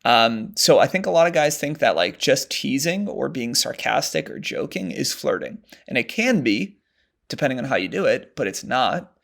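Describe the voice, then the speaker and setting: A male dating coach talks through a question in a relaxed, conversational way, dropping plenty of "um"s and "like"s. His voice has a noticeable gravelly fry at mid pitch. The delivery is unscripted and loose. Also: normal speed. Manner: casual, conversational, frequent "um" and "like". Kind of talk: advice monologue answering a question.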